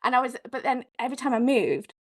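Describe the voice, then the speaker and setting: A woman's voice: high voice, quick pace. A woman, a podcast guest, frankly telling her personal story in a chatty way full of "like" and the odd swear. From Wales. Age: adult mother. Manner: frank, expressive, peppered with "like" and mild swearing. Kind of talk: candid conversational storytelling.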